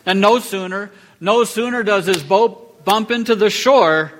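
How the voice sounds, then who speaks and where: A man's voice: high-pitched, measured pace, a bit bright, slight background noise. A man preaching a sermon from the pulpit, emphatic and building to rising, rhetorical lines. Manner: emphatic, rhetorical questions, rising on key phrases. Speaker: pastor. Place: church.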